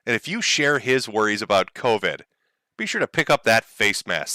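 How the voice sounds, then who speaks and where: A sarcastic male streamer mocks his subject for his chat, with a lively voice that swings up and down. His tone is bright and forward, and the recording is close and dry with no room sound. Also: lowish voice, normal speed, no room sound. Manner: sarcastic, mocking, often laughing. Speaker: streamer host. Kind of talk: mocking livestream commentary.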